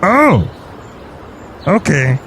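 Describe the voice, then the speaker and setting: Guy doing a high squeaky brewmaster, dopey and bragging, forgets what he was saying. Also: sing-song, very slow, a bit bright, slight background noise, exaggerated voice. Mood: boastful. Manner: scatterbrained, bragging about his own brew. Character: dim, boastful male brewmaster of root beer. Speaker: comedy character on a podcast.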